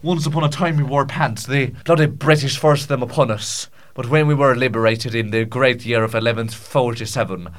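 Man doing a bumbling Scottish shepherd, mock Scottish accent, pompous, medium pitch, comic. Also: fairly bright tone, lightly acted. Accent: put-on Scottish. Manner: over-the-top, pompous, rambling. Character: rambling mock-Scottish male shepherd, boastful. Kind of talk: comedic accent practice.

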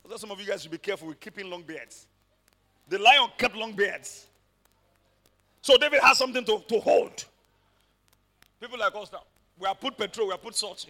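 A man preaching a sermon, telling stories dramatically and rising to shouted peaks. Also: high-pitched, vocal fry.

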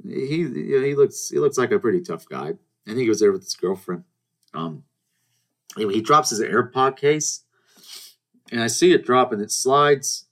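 A man's voice: mid-range voice, expressive, moderate pace, fairly bright tone. Young man, twenties, podcast host, casual storytelling, rambling, restarts, acts out dialogue. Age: 20s.

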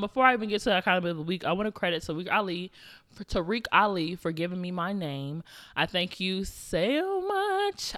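A woman's voice: on the low side, sharp tone. A young woman hosting her own podcast, talking casually and directly to her listeners with lots of slang. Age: young adult. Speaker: podcast host. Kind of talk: casual solo podcast chat.

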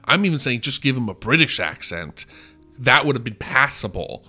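A man's voice: mid-range voice, big pitch swings, normal speed, pushed and bright, husky, faint music behind. A man co-hosting a podcast in casual movie-review chat, emphatic and laughing, swearing freely. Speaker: podcast co-host.

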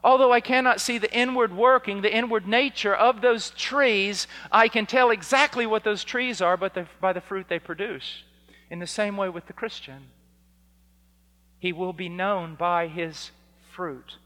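A male preacher delivers a sermon in a bright, somewhat high voice. He speaks slowly and deliberately, pushing hard on key lines and dropping to near-quiet on others. His voice rings with the long reverb of a hall. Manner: emphatic, swinging from loud to hushed.

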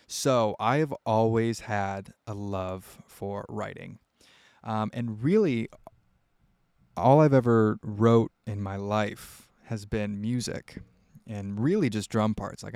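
A man's voice: fairly low pitch, slow pace, a little mellow, no room sound, clean studio sound. A young man from Ohio hosting a casual solo podcast, answering listener questions in a candid, rambling way with lots of fillers. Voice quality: gravelly.

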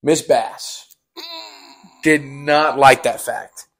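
A man's voice: mid-range voice, steady tone, drawn-out words, a bit bright. A young man telling a casual storytime on a podcast, rambling with lots of fillers.

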